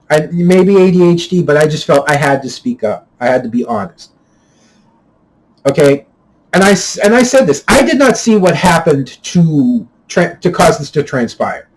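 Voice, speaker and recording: A man telling a personal story in a rambling, casual way, stumbling and repeating words, getting louder and more heated at the tense parts. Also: sing-song, moderate pace, low-quality recording. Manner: grows louder and higher when retelling heated moments. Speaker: channel host.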